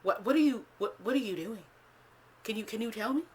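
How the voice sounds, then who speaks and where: A woman vlogger telling a casual storytime, swearing freely, filling every pause with "like" and acting out what she said back then. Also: fairly high pitch, a little hiss or hum. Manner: animated, swears freely, acts out her own past lines; heavy use of "like" as filler.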